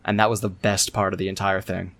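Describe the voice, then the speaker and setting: A man's voice: low-pitched, little pitch movement, fast, a bit bright, no echo. A man co-hosting a podcast in casual chat, blunt and wry with crude humor. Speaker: podcast co-host.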